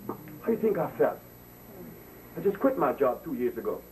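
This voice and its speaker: A man from Honduras, an herbalist, addresses an audience in a very animated, emphatic and preachy storytelling style, at normal speed. His voice is on the high side with a darkish tone, recorded from a distant mic with some faint noise.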